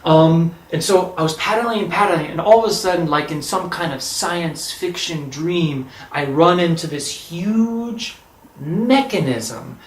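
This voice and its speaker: A man telling a personal story, lively and acting out the dialogue. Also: a little high, a little slow, roomy sound, poor audio. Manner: animated, acts out quoted dialogue.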